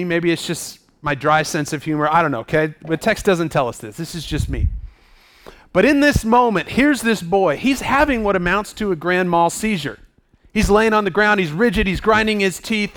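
A man's voice: sits high, moderate pace, fairly bright tone. A man preaching a sermon as pastor, reading scripture and acting out the people in the story. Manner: dramatic, acts out the people in the story.

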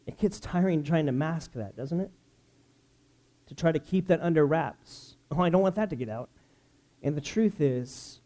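Telling stories from the pulpit, this U.S. pastor delivers his sermon with animated energy that gets loud when he's excited. His pitch is fairly high.

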